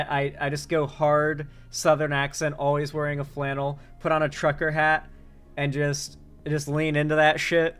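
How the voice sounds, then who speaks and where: A man chatting casually on a live stream, rambling and joking with many fillers. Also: fairly high pitch. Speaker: streamer, political commentator.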